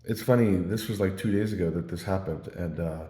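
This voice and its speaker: A man's voice: low-pitched, fairly quick, mellow. A man telling stories in a casual, meandering ramble, full of fillers and restarts. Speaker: vlogger. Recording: roomy echo.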